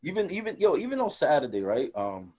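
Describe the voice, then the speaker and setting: A young man co-hosting a casual podcast, talking in animated, profane street slang and acting out quoted conversations. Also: on the high side, fairly quick. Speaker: podcast co-host.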